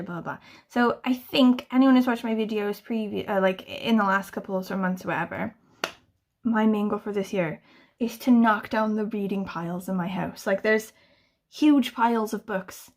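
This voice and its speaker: A woman in her thirties chatting casually to camera, rambling and swearing freely in exasperated rants. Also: mid-range voice. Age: 30s. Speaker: booktuber answering a tag.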